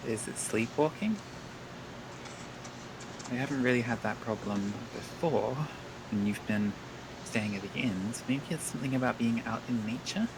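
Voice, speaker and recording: A man playing a tabletop game, talking in character in a calm, measured, reassuring way. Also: medium pitch, background noise. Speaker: player.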